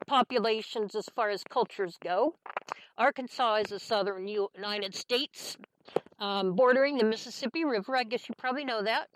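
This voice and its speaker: A woman's voice: fairly high pitch, dry recording, low-quality recording. A woman from Kansas hosting a folksy talk radio show, chatting in a homey, meandering way with lots of fillers.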